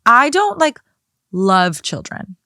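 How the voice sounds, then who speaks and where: Young woman guest co-host, rambling, lively pitch swings, dry close mic. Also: dry recording. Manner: rambling, self-conscious, quick bursts up and down in pitch. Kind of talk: casual podcast chat.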